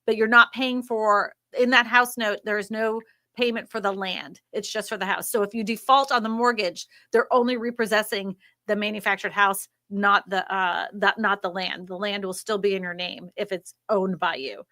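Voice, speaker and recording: Bright-voiced woman hosting a chat. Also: medium pitch, moderate pace, no room sound, clean studio sound. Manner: chatty, explains with many asides. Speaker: host. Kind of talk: casual livestream chat.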